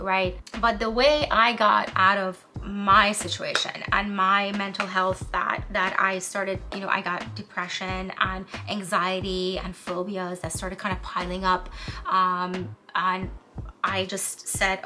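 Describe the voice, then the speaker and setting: A woman's voice: medium pitch, little pitch movement, a little slow, sharp tone, faint music behind. A woman talking candidly to camera while doing her makeup, a vlogger and spiritual counselor sharing heartfelt, self-soothing advice.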